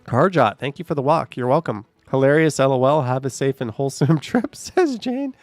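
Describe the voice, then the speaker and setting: A man's voice: mid-range voice, animated, moderate pace, dry recording, faint music behind. A man hosting a casual livestream, reading out chat comments with joking, sarcastic asides and a bit short of breath.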